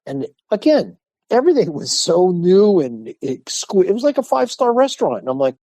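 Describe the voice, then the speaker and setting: An older man, a martial arts instructor, telling lively stories in a podcast interview and acting out the people he quotes. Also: high voice, a little fast, dry recording. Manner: animated storyteller acting out quoted voices.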